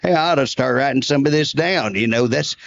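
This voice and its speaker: A gravelly-voiced man with a drawl spins folksy stories and chuckles as he talks. The recording sounds muffled, with faint background noise. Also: medium pitch, a little fast. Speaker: state representative. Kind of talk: casual interview.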